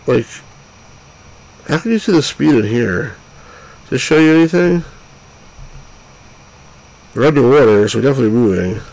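A man's voice: mid-range voice, sing-song, normal speed, vocal fry, long pauses, darkish tone, rough recording. A man hosting a let's play, giving casual gameplay commentary, exasperated and swearing at the game.

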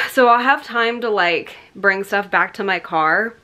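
A young woman talks to her camera in a loose, rambling vlog style, full of ums and likes. She sounds tired. Her voice is bright and forward. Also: medium pitch, slow, rough recording. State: tired late at night. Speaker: vlogger. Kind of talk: casual vlog talk to camera.

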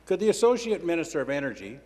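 A man's voice: fairly high pitch, very animated, fast, darkish tone. A man in a legislature reading a formal prepared question to a minister. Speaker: member of the legislature. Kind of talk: parliamentary question. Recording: reverberant legislative chamber.

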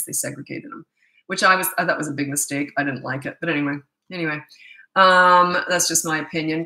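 A North American parenting coach in her sixties answers viewer questions on a live stream in a deep, bright, forceful voice. She is chatty and candid, drifting into rambling asides, and the room sounds echoey.

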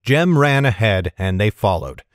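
Steady man narrating a fantasy story. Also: fairly low pitch, a little slow, dry recording, studio quality. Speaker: audiobook narrator.

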